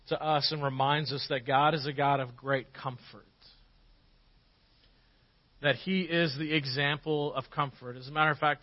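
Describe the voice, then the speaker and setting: A man in his forties preaching a sermon as a pastor, telling personal stories and acting out quotes with lively shifts. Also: on the high side, dull audio. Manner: storytelling with lively acted quotes.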